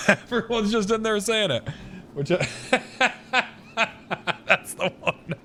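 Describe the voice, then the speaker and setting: Lively laughing male streamer. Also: high voice, slight background noise. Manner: profane, laughing often, quick to mock outrage. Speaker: livestreamer. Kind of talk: casual livestream chat with viewers.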